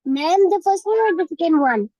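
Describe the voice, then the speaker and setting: Woman student, high voice, hesitant polite answers, dull dry call audio. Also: animated, normal speed, dark tone, no echo. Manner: hesitant, polite, many fillers. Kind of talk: answering in an online class.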